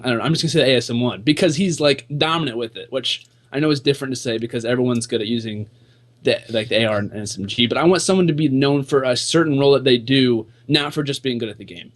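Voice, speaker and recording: A man's voice: medium pitch, quick pace. A young man on a casual gaming podcast, talking eagerly and hedging with "like". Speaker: podcast panelist.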